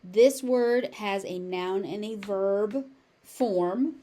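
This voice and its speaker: Very slow, deliberate American woman teacher. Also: mid-range voice, warm tone. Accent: General American. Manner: slow, deliberate, exaggerated enunciation of each word. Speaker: pronunciation teacher. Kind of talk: pronunciation lesson, slow drilled word repetition.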